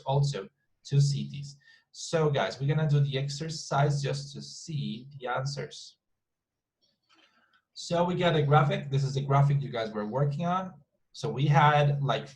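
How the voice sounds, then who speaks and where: A man's voice: mid-range voice, poor audio. Casual man teaching online English class. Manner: casual, repeats words slowly to model pronunciation.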